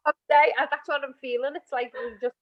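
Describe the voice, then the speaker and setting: A middle-aged woman counsellor talks openly and a little emotionally, rambling and restarting her sentences. Her voice sits somewhat high. The sound is muffled, as over a video call. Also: steady tone, fairly quick, soft background music. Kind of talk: casual group discussion on a video call. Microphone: video call, camera off.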